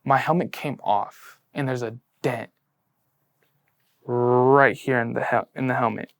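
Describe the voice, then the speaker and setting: With a bit of vocal fry and a slightly slow pace, a late-teen guy just out of high school shares his testimony in an interview. Earnest and full of "like," he moves between quiet and excited passages.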